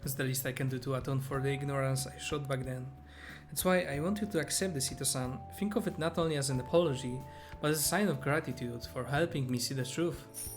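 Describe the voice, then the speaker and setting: This gamer reads game dialogue aloud, voicing a sincere, pleading young female fortune teller full of remorse, but in his own natural voice. His medium-pitched delivery is steady, brisk and earnest, with few pauses, and music plays behind him.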